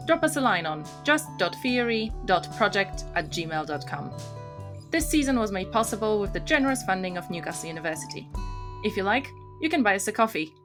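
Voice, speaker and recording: Woman co-host, brisk scripted sign-off, soft guitar music under it. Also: medium pitch. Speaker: podcast co-host. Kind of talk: scripted podcast outro. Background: faint guitar music.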